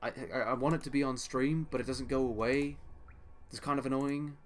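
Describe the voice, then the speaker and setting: A man's voice: medium pitch, fairly even intonation, fairly quick. A young man rambling through live gameplay commentary, talking to himself and to his chat. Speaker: game streamer.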